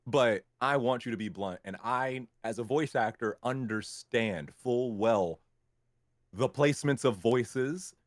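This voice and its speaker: Man, voice actor guest, animated storyteller, dry recording. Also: mid-range voice, measured pace, no echo. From Memphis, Tennessee. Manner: animated storyteller, acts out clients' lines. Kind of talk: casual interview chat.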